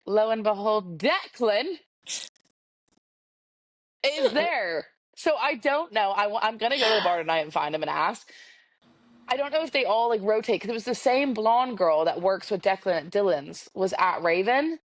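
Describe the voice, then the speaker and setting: A woman's voice: mid-range voice, moderate pace, dry recording. A woman, telling a dating story as a podcast co-host and acting out the quoted dialogue. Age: 20s. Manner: chatty, animated, acts out quoted dialogue. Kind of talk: casual storytelling chat. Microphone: video call.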